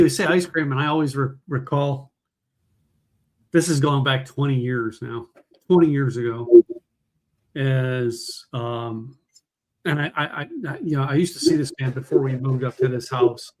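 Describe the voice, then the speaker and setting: A middle-aged man co-hosting a casual podcast, telling stories and jokes in an animated way. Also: medium pitch, moderate pace. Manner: animated storyteller, acts out quoted voices. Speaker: podcast co-host. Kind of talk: casual chat, telling a joke.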